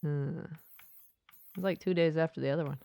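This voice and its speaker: A woman's voice: deep voice, fairly even intonation, normal speed, creaky, warm tone, smooth, no echo. A woman streaming a game live, playfully reading the game's text aloud with asides.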